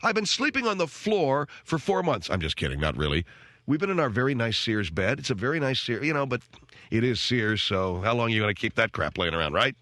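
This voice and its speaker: A man ranting through a comic monologue on his radio show, sarcastic and mocking himself. His voice jumps all over the place in pitch as he riffs. It is recorded close on a studio microphone with a dry, dead sound. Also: sing-song, fairly quick, pushed and bright, dry recording. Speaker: radio talk show host.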